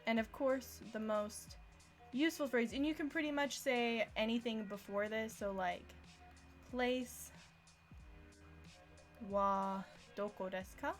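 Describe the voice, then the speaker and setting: A young woman with a slightly high voice talks through a casual language lesson, chatty and quick to laugh at her own slips. Faint music plays softly behind her. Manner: chatty, self-deprecating, laughs often. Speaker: language teacher. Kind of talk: casual live-streamed lesson.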